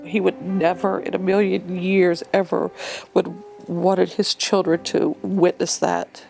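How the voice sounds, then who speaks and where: Woman telling her story in an interview, gravelly, keeps restarting, faint music behind. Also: lowish voice, level tone, a little mellow. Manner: halting, repeats "he said" and restarts. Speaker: widowed mother interviewed. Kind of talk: recounting a personal story in an interview.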